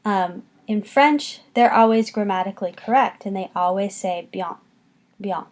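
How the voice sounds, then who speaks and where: Patient teacher voice, woman, unhurried classroom delivery with lots of repetition. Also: mid-range voice. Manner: patient, slow, repeats words for students to copy. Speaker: French teacher. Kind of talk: recorded classroom lesson.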